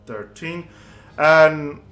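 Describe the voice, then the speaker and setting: A man running a tabletop game as game master, narrating actions casually with spoken booms. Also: very slow. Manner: relaxed narration with sound-effect booms.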